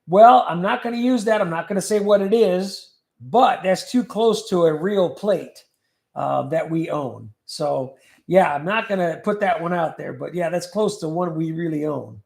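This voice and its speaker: A man's voice: high-pitched, normal speed, vocal fry, darkish tone, echoey room. A man hosting a casual livestream, reading viewer comments aloud and joking about them. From California. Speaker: livestream host reading chat.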